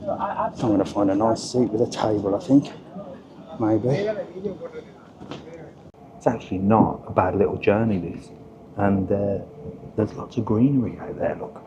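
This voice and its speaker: A man's voice: on the low side, unhurried, long pauses. A man from Birmingham with a Brummie accent, vlogging casually on the move through train stations, chatty and grumbling, swearing offhand. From Birmingham area, England. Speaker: travel vlogger. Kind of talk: casual vlog. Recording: noisy station ambience.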